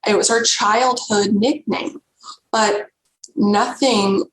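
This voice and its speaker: A woman guest on a podcast, telling a personal story in an earnest, emotional, halting way. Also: mid-range voice, steady tone, fairly bright tone. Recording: roomy echo with faint background noise.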